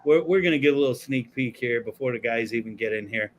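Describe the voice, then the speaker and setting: A man's voice: medium pitch, quick pace. Profane laid-back man telling stories. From Florida. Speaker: podcast co-host. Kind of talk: casual chat. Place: studio.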